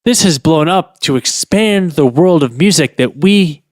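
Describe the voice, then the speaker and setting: A man co-hosting a comedy podcast, playing the bewildered straight man with quick, questioning asides. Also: fairly high pitch, expressive, dry recording, clean studio sound. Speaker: podcast co-host.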